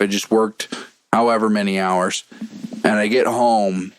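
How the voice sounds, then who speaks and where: A man's voice: lowish voice, fairly even intonation, measured pace, pauses often, no echo. A man guesting on a podcast, telling rambling, profane anecdotes in casual chat.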